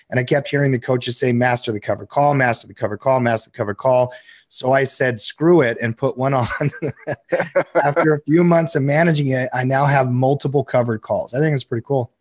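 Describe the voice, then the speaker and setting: A man co-hosting a market show in an easy, upbeat way. He reads out viewer comments at a middling pitch and chimes in casually. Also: a little mellow, breathy edge, no room sound, clean studio sound. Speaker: trading show co-host. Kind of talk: casual market talk, reading chat comments.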